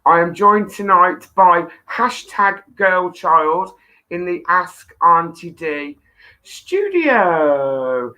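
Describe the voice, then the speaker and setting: A woman's voice: lowish voice, steady tone, slow, pushed and bright, poor audio. A woman hosting a live-stream chat show, affectionate and teasing with her viewers. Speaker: host. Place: home studio.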